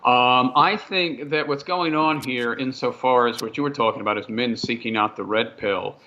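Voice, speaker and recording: A man, a guest on a podcast, explaining his views in a measured, lecturing way. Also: medium pitch, sharp tone, dull audio. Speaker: guest, channel host. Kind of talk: casual podcast chat.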